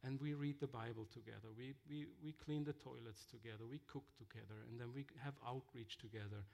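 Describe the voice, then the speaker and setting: A man telling mission stories in a sermon, halting with fillers and restarts. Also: mid-range voice, fairly even intonation, creaky, darkish tone. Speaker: missionary speaker. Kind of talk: sermon-style storytelling.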